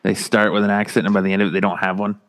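A man's voice: on the low side, flat delivery, rapid-fire, fairly bright tone. A man co-hosting a podcast, joking around in casual banter. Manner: jokey, slips into a put-on Australian accent. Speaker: podcast co-host.

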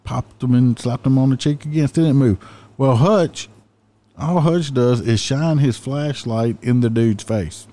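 A man shares a police story in a relaxed, profane way and chuckles as he goes. His voice is mellow and dark, at a middle pitch for a man. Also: a little slow. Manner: profane, laid-back, laughs through lines. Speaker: police officer telling stories. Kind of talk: casual storytelling chat.

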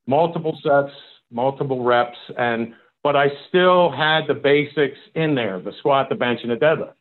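A man guest in a casual interview, relaxed and halting, with many fillers. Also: medium pitch. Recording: tinny phone-like line.

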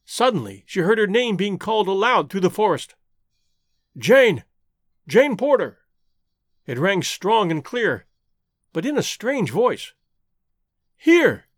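A male audiobook narrator with a high, animated voice that rises and falls dramatically through the story. The read is close and dry, with no room sound. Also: moderate pace, no room sound.

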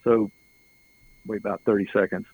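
In a casual interview, a middle-aged guest rambles through a long story, laughing a little and repeating words as he goes. His lowish, slightly rough voice is delivered flatly at normal speed. The audio is narrow and tinny, with no room sound.

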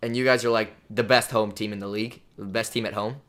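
A man's voice: fairly low pitch, fairly even intonation, fast, fairly bright tone. A young man, a pro volleyball player, co-hosting a podcast in rambling casual chat. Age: young adult. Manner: rambling, lots of "dude" and "like".

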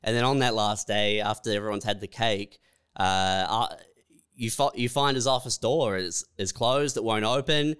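Smooth-voiced man, deadpan dark storytelling. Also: on the low side, normal speed. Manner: deadpan storytelling, builds dark absurd scenarios. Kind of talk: comedic riffing chat.

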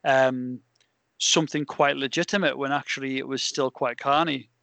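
A British man hosting a podcast, telling stories in a rambling, animated way with lots of fillers. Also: medium pitch, normal speed, vocal fry, no echo. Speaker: podcast host. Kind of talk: casual chat.

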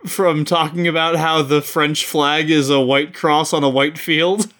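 A man co-hosting a casual podcast, with a voice pitched a little higher than most men's. He talks fast and in a chatty way, with frequent laughter running through his speech. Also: fairly even intonation, fairly bright tone. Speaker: podcast co-host. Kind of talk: casual chat.

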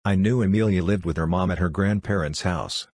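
A man reading a series of short ghost stories aloud in a steady, even storytelling delivery. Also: sits low, brisk, breathy edge, dry recording, studio quality. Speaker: narrator.

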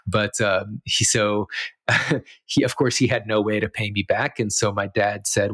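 A man with a low-pitched voice tells a story as a podcast guest. He meanders through it, correcting himself and filling the gaps with "like" and "uh". The recording is dry, with no room sound. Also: fairly even intonation, normal speed, a bit bright, dry recording. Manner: rambling, self-correcting, full of fillers. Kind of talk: casual storytelling.

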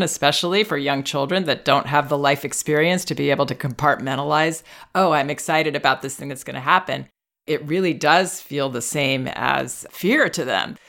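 A woman's voice: low-pitched, gravelly, fairly bright tone. A woman hosting an interview, affirming her guest and sharing her own experiences. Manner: affirming, shares personal experiences. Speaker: host. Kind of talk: conversational interview.

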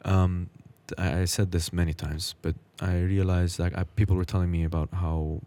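A man in his thirties with a low voice hosts a casual conversation. He speaks haltingly, pausing and searching for words as he reflects. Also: little pitch movement, dark tone. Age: 30s. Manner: halting, reflective, many fillers. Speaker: podcast host.

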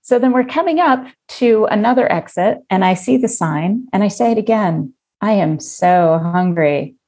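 A woman in her fifties telling a personal story in casual conversation, lively and acting out her own past thoughts. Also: fairly high pitch, moderate pace, breathy edge. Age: 50s.

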